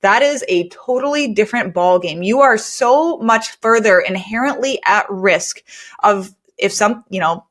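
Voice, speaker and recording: A woman's voice: medium pitch, a little slow, fairly bright tone. A woman hosting a podcast for cleaning business owners. She talks in an earnest, conversational way and uses a lot of fillers. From United States. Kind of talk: candid storytelling podcast talk.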